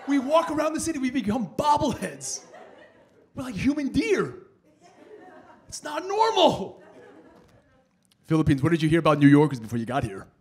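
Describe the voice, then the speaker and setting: A man doing a loud, animated stand-up set in the back room of a bowling alley, working the crowd. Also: high voice, fast. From New York. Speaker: stand-up comedian.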